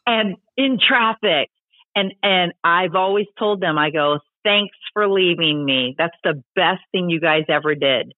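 Lowish-voiced woman gabbing away about her rides, bouncy storytelling, phone-line sound, super dry. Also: a little slow, dry recording. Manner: animated, chatty, acts out quoted voices. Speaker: podcast guest, long-distance motorcycle rider. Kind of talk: casual storytelling interview.

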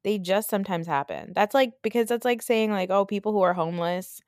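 A podcast host with a slightly mellow mid-range voice talks briskly, her clean studio recording dry and free of echo. Stuck in bed at home with the flu, she tears through a casual reality TV recap, ranty, sarcastic, blunt, and swearing often.

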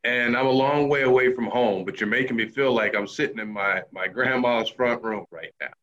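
A man's voice: medium pitch, moderate pace, a bit bright, muffled recording. A man from Tulsa, Oklahoma, hosting a podcast interview and responding to his guest with affirmation. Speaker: podcast host. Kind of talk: conversational interview.

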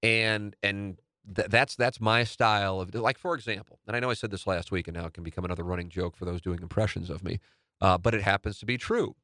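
A man's voice: lowish voice, a little fast, pushed and bright, no room sound, studio quality. A man hosting a radio podcast, talking in a casual, rambling monologue. He is blunt, swears now and then, and often restarts his sentences. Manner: rambling, with frequent restarts and stammers.

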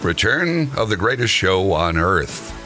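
Man, host, very deep voice, lively pitch, reading news casually, laughs often. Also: measured pace, soft background music. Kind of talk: reading news items on a morning show.

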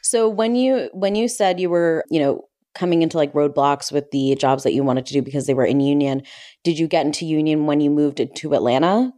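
A woman host with a low voice keeps the conversation loose and lively. She talks fast when excited and drops curse words without a second thought. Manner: chatty, animated, swears casually. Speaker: podcast host. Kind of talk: casual podcast conversation.

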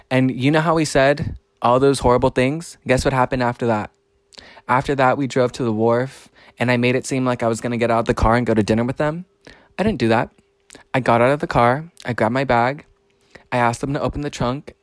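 A young man vents in a fired-up storytime rant, swearing hard and punching his words as he replays the confrontation. His voice sits in an ordinary middle pitch. The sound is close and dry, with no room around it. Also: no echo. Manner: heated, profane, emphatic retelling with quoted confrontations. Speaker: vlogger.

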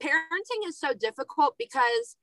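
A woman's voice: very high-pitched, normal speed, vocal fry, no room sound, poor audio. A young adult woman hosting a podcast, telling candid stories about parenting in casual chat. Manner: animated storytelling, candid. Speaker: podcast host.

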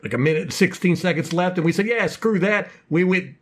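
A man co-hosting a casual sports podcast, ranting passionately in fast bursts about his local team. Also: on the high side, husky. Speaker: podcast co-host.

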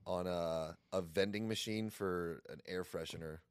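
A man's voice: low-pitched, a little slow, clear, resonant tone, no room sound. A man, a comedian, chatting casually in an offhand, rambling way, with casual swearing. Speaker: comedian, podcast co-host. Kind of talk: casual chat.

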